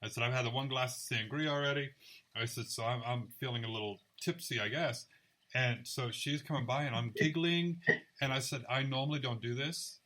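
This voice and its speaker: Guy psychic chatting away, bright voice, acts out all the back and forth. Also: mid-range voice, brisk. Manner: animated storyteller, acts out quoted dialogue. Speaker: psychic medium. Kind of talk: casual chat, storytelling.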